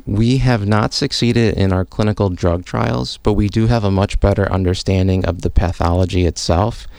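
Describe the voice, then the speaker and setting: Expert guest, male, very low smooth voice, calm and measured, dry studio. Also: no room sound. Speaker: physician and professor, guest expert. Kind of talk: radio interview answers. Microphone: studio microphone.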